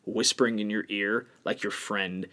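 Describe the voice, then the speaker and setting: A man's voice: on the low side, fairly even intonation, normal speed, sharp tone. A man co-hosting a podcast, talking bluntly and with strong opinions in a casual discussion. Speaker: podcast co-host.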